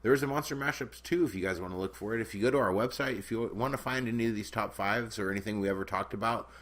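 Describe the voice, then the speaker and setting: Guy cohosting a podcast, kinda low voice, crude joking around, laughs a lot. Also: fast talker, fairly bright tone. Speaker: podcast co-host. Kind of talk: casual podcast chat.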